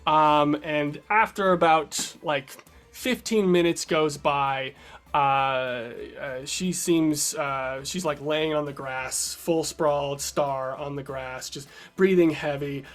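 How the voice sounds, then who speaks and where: A man's voice: a little high, slow, fairly bright tone. Laid-back man narrating as game master. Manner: loose, filler-heavy narration.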